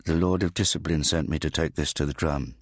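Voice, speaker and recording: A man voicing a guarded teenage boy who answers in short, flat replies in an audiobook reading. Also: rumbling low, brisk, no echo, clean studio sound. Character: defiant teenage boy acolyte, cool and guarded. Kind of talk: audiobook character voice.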